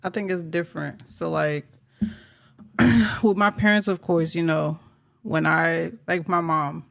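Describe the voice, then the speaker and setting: Laid-back man with a gravelly voice. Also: a little high, fairly even intonation, a little slow, a bit bright, no echo, studio quality. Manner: laid-back, reflective, with casual slang. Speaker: podcast co-host. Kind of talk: casual chat.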